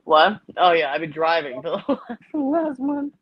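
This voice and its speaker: A woman's voice: lowish voice, sing-song, a little slow, slightly rough. A woman from New England in casual livestream chat, telling stories and laughing often. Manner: laughs often, chatty storytelling. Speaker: livestream co-host. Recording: dull lo-fi sound.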